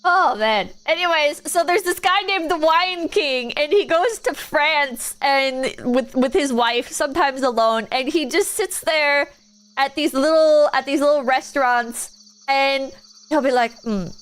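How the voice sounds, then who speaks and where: High-voiced rambling woman streamer. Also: unhurried, a bit bright. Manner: rambling storyteller, lots of "like" and restarts. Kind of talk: casual gaming stream chat.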